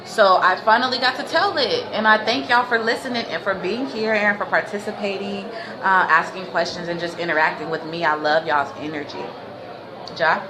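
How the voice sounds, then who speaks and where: A woman's voice: mid-range voice, normal speed, a crowd in the background. A woman hosting a casual livestream, talking in laid-back slang, laughing often and breaking into preachy bursts. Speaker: livestream host. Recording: noisy ambience behind.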